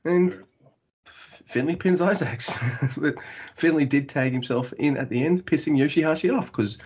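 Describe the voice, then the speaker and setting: A man co-hosts a podcast, rambling in casual chat with restarts and the odd curse. His voice is husky, and the recording sounds dull and lo-fi. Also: a little high, moderate pace, a little mellow. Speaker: podcast co-host.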